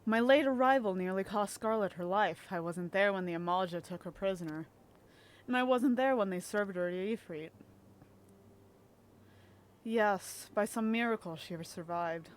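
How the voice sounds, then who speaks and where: A woman's voice: medium pitch, lightly acted. Thancred, read aloud by a woman, suave and wry. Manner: reading game dialogue aloud with light flair. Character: suave roguish young male spy.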